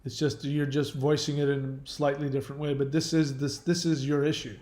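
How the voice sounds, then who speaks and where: A man's voice: a little high, level tone, a little fast, a little mellow, roomy sound. A man hosting a casual livestream, answering viewer questions earnestly with fillers and restarts.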